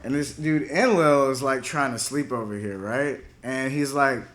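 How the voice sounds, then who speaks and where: A man's voice: mid-range voice, normal speed, hardly any pauses, a bit bright. A man telling an old myth as a profane, slang-heavy comic story, acting out the gods as casual dudes. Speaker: storyteller host.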